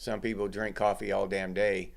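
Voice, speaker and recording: A man's voice: lowish voice, level tone, normal speed, vocal fry. A middle-aged man hosting a casual livestream, chatting loosely and greeting viewers in the chat. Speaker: livestream host.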